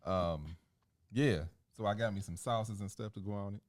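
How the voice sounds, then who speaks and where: A man's voice: on the low side, normal speed, no echo, clean studio sound. A man co-hosting a podcast in casual chat, laid-back and mumbling. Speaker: podcast co-host.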